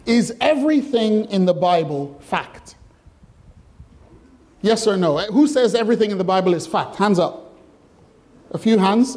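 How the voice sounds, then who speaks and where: High-voiced chatty male pastor. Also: a little mellow. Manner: chatty, jokey, asks the congregation questions. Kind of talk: interactive sermon. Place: church hall with congregation.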